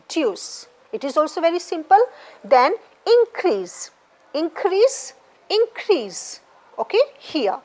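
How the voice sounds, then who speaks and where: A woman, teaching an exam lesson and patiently explaining syllables and stress, often repeating words. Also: high voice. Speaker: English teacher. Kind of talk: exam preparation lecture.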